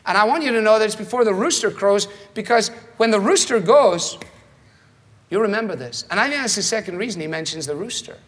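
A man preaching a sermon in a rhetorical, animated manner, acting out the voices he quotes. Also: high voice, brisk, long reverb tail.

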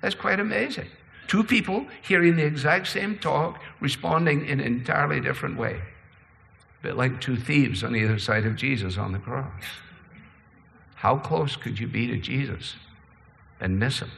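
A man preaching a sermon, shifting between slow, low passages and quicker, higher ones. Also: vocal fry, a bit bright, in a large hall. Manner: preaching with sweeping pitch and pace changes. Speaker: pastor.

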